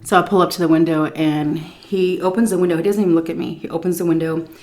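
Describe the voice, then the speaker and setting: A woman's voice: lowish voice, steady tone, fast talker, darkish tone. A woman vlogger chatting casually while she eats, telling a story and mimicking the people in it. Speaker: mukbang vlogger.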